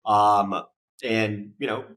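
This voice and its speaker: A man's voice: lowish voice, fairly even intonation, extremely slow, fairly bright tone, poor audio. A man in his twenties, a podcast guest, telling his story casually and acting out quoted dialogue with plenty of swearing.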